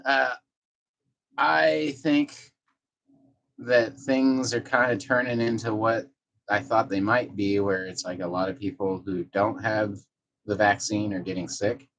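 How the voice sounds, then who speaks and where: A man's voice: fairly low pitch, measured pace, long pauses, a bit bright, lo-fi sound, slight background noise. A man on a casual live stream, reading viewer messages aloud and talking to his cat in a loose, profane way. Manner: chats to his cat between comments.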